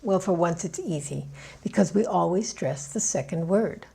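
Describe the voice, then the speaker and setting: A woman with a Canadian accent giving a scripted pronunciation lesson, patient and clearly enunciated. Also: on the low side, lively intonation, normal speed, dark tone. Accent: Canadian English. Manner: patient, clearly enunciated teaching with drilled examples. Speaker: pronunciation coach.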